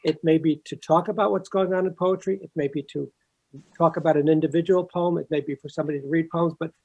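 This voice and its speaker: A man speaks over a video call as committee chair. He sounds earnest, with a slightly high voice, as he thanks the guest and announces plans for new events. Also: fairly even intonation, fast talker, gravelly, darkish tone, lo-fi sound. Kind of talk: closing remarks at an online event.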